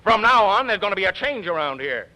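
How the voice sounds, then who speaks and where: A man's voice: sits high, big pitch swings, fast talker, sharp tone, full character voice, rough recording. A flustered family father. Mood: flustered, firm. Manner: flustered then firm. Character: harried middle-aged father who turns bossy. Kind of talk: 1940s radio acting.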